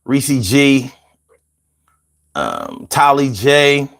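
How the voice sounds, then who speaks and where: A man hosting a casual call-in show, animated and playful, chanting lines rhythmically and chatting with viewers. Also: medium pitch, drawn-out words, creaky. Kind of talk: casual livestream talk.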